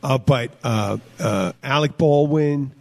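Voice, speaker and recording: A man co-hosting a relaxed podcast chat. He wanders through his thoughts and trails off mid-sentence. He drops casual swear words along the way. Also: medium pitch, slow, vocal fry. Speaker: podcast co-host, bartender.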